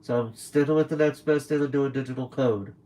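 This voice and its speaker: A man's voice: mid-range voice, steady tone, a little fast, dark tone, rough recording. A young man streaming from home late at night, rambling through a casual story and acting out what other people said. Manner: rambling storyteller who acts out quoted people.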